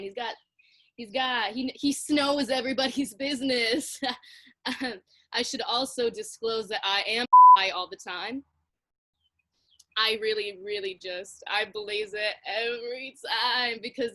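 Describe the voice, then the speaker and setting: A woman's voice: a little high, unhurried, pushed and bright. A woman improvising a laid-back stoner street performer with a rambling slacker way of talking. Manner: rambling, slacker slang, giggly. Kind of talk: improv comedy scene. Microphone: video call.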